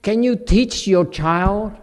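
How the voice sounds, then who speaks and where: A middle-aged man giving a dharma talk with questions and answers, animated, laughing and acting out quoted voices. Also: high-pitched, slow pace. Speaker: meditation teacher.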